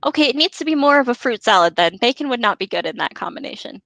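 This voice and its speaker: A woman's voice: on the high side, lively intonation, quick pace, fairly bright tone, dry recording, poor audio. A woman co-hosting a podcast, reading a book aloud and breaking off into giggly, joking chat.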